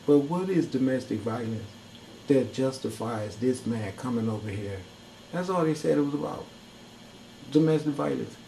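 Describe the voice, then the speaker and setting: A man's voice: fairly low pitch, dark tone, a little hiss or hum, poor audio. A man delivering heated, profane, preachy commentary in an angry rant. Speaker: video commentator.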